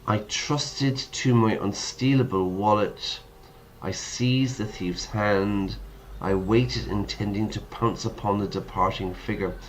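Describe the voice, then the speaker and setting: Unhurried man reading and joking. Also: lowish voice, steady tone, slight background noise. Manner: chatty, jokey asides between read lines. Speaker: English teacher. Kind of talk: reading a story game aloud and explaining words.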